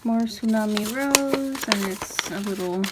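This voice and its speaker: A woman casually talking through a handmade journal she is showing page by page, relaxed and chatty. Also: on the high side, unhurried. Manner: chatty, relaxed, with fillers and soft laughs. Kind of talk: casual craft walkthrough. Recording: audible background noise.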